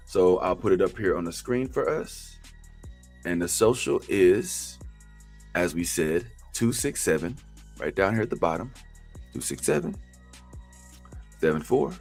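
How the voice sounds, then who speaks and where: A man teaching a tax preparation training class, animated and joking, with sudden preacher-like outbursts. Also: low-pitched.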